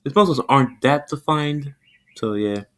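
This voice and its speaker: A man's voice: medium pitch, normal speed, a bit bright. A man casually retelling a fan story, rambling with lots of "like" and freely swearing.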